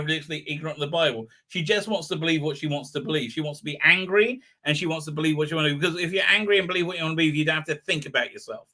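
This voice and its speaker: A man's voice: a little high, pushed and bright. A man hosting a livestream, ranting in a rambling, indignant way full of fillers. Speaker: livestream host. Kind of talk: ranting commentary.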